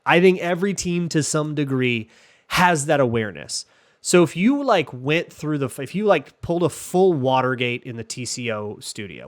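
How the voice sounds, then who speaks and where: A man's voice: a little high, expressive, moderate pace. A man hosting a football talk show, answering listener questions in a loose, joking way with lots of fillers and restarts. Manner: chatty, jokey, many fillers and restarts. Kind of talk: casual chat.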